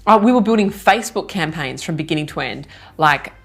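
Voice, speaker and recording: A woman in her thirties, a business coach telling a story casually to camera in an animated, self-mocking way, laughing now and then. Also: deep voice, brisk, gravelly, husky, soft background music. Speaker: retreat organizer and business coach.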